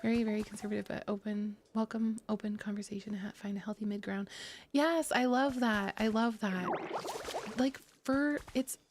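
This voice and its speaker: A woman's voice: mid-range voice, steady tone, moderate pace, background noise. A woman chatting casually to her viewers while streaming a game, giggly and rambling with many restarts. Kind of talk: casual gaming stream chat. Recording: clear game music underneath. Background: game music.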